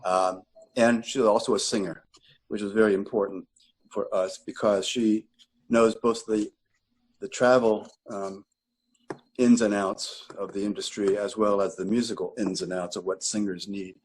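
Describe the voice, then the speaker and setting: A man's voice: lowish voice, fairly even intonation, moderate pace, slightly rough, poor audio. An older man, a retired choral director, telling long rambling anecdotes in an interview, correcting himself as he goes. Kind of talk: relaxed interview storytelling.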